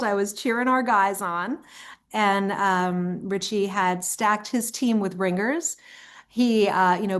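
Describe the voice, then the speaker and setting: A woman in her fifties from Long Island, a singer telling her life story in a relaxed interview, with frequent ums and uhs. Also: mid-range voice. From Long Island, New York. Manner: warm, reflective storyteller with frequent fillers. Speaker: singer and songwriter, interview guest.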